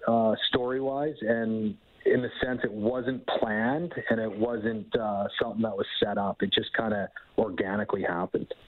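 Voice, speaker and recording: Canadian man in his thirties, phone-line guest, animated storyteller. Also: lowish voice, moderate pace, few pauses. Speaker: guest, hockey scout. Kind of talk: phone-in interview, casual storytelling.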